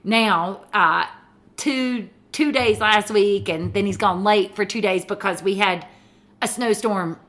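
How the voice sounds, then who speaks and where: A woman's voice: medium pitch, takes it slowly, fairly bright tone. A middle-aged woman with a Southern drawl, co-hosting a podcast in casual, rambling chat full of "like" fillers. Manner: chatty, rambling, many "like" fillers. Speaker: podcast co-host.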